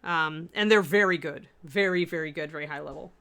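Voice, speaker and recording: Her voice sits low, sounding pushed and bright, and she talks fairly quickly. As a co-host on a miniature painting livestream, she chats and rambles with plenty of fillers while responding to viewer comments.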